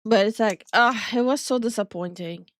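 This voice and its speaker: A woman's voice: on the high side, normal speed, no echo, clean studio sound. A woman from Estonia co-hosting a casual stream chat, talking bluntly and swearing freely. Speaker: VTuber streamer and co-host.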